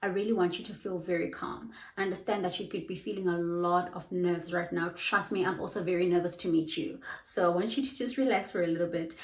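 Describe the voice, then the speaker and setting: In a brisk delivery with few pauses, a young South African woman with a lowish voice gives casual advice as a lively, bubbly online English tutor, acting out brief dialogues. An echoey room and low-quality recording color the sound.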